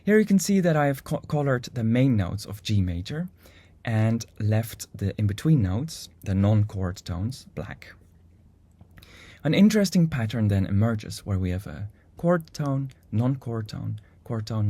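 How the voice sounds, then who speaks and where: Male music teacher, lowish voice, warm, husky, calm explaining. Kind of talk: instructional video lesson.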